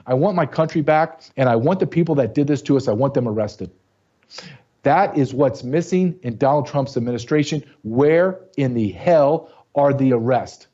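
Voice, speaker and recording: A man hosting his own show, delivering a blunt, angry commentary monologue that keeps rising into sharp outbursts. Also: mid-range voice, normal speed, dull audio. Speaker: show host.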